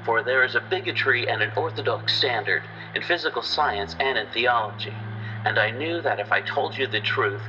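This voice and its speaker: A man voicing a formal, reserved scientist who writes in measured, careful phrasing. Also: mid-range voice, in a large hall, muffled recording, background noise, natural voice. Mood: earnest.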